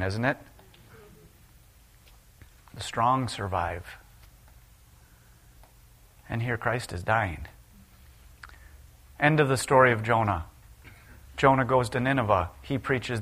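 A middle-aged man preaching a sermon. He retells Bible stories and voices the people in them, at times rising to loud exclaims. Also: mid-range voice, expressive, unhurried, pauses often.

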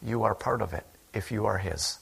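A man's voice: fairly low pitch, normal speed, creaky, a bit bright, breathy edge. A man, a pastor, preaching a sermon in an earnest, conversational way at a church service. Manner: conversational, earnest preaching that acts out quoted speech.

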